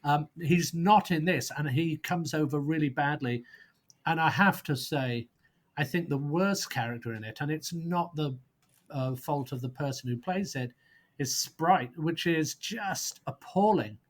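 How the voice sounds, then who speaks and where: Man, higher-pitched voice, rambling, word-searching, blunt and scornful, podcast guest. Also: measured pace. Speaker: guest prosecutor on a film podcast. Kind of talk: casual podcast debate.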